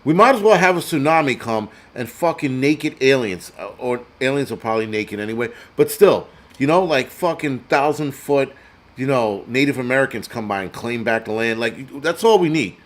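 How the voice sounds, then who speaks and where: A man's voice: mid-range voice, expressive, moderate pace. A man hosting a prepper show, ranting in crude, sarcastic live-stream commentary and reading out donor names. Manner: reads donor names aloud. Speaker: prepper channel host.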